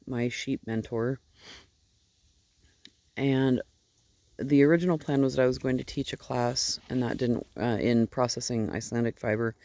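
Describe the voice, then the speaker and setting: Husky-voiced woman chatting at the barn. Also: a bass voice, dark tone, dry recording. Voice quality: husky morning voice. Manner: chatty and digressive, easily distracted. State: just woken up, yawning. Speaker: sheep farmer and fiber seller. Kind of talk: casual chatty vlog. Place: outdoors at a barn. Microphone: handheld phone.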